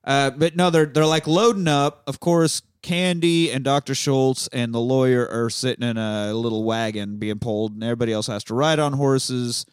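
A man's voice: medium pitch, fairly even intonation, normal speed, few pauses, smooth, no echo. Guy on a podcast retelling a film, loose joking chat, lots of swearing, dry close sound. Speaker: podcast host recapping a film. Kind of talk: casual profane chat.

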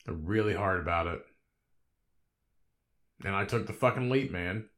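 A man in his thirties talking alone on his podcast with a somewhat low voice. He rambles in a laid-back, conversational way, swears nearly every sentence and breaks into laughs. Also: measured pace, fairly bright tone. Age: 30s. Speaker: podcast host. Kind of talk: solo podcast monologue.

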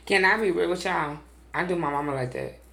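Low-voiced, blunt woman in an echoey room. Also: a little fast, fairly bright tone. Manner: emphatic, blunt, profane. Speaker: podcast co-host. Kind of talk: casual chat.

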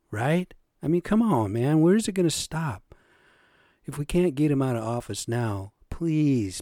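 A man's voice: mid-range voice, dark tone, no echo, studio quality. Agitated, cursing man ranting on a podcast. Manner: rhetorical questions with repeated "you know" and "right". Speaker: podcast host. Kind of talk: solo podcast rant.

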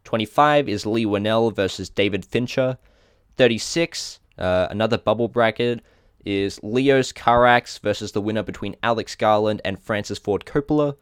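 Low, smooth Australian man. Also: moderate pace, dry recording, studio quality. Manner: trips over foreign names, chuckling self-corrections. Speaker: podcast co-host. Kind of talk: casual podcast chat, reading out a list.

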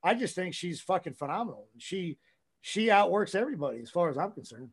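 A man guesting on a podcast, talking casually and profanely in a rambling, animated way. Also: high voice, fairly quick, gravelly, slightly rough.

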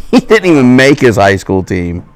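A man's voice: medium pitch, very animated, moderate pace, clean tone. A middle-aged man, telling family stories in a casual podcast chat, loose and joking, often acting out what others said. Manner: loose storytelling, acts out family quotes, laughs often. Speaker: podcast co-host.

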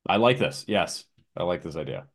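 A young man co-hosting a casual podcast, relaxed, agreeable and quick to laugh. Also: low voice. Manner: easygoing, laughs often, agreeable backchannels. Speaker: podcast co-host. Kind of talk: casual chat.

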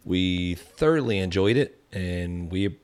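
A man's voice: deep voice, expressive, takes it slowly, darkish tone, clear, resonant tone. A man hosting a podcast in casual chat, laid-back as he moves the show between segments. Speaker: podcast host.

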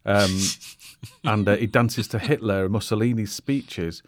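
A man's voice: on the low side, measured pace, no echo. A man with a Mancunian accent from Manchester, hosting a podcast interview with a dry, teasing manner. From Manchester, England. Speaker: podcast host. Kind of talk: casual interview.

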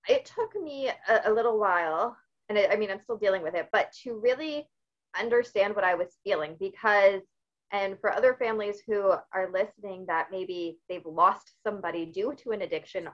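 In dull audio, a medium-pitched woman talks as a podcast guest; she's an author and fitness expert. Her manner is open, and she relates personal stories in an animated way.

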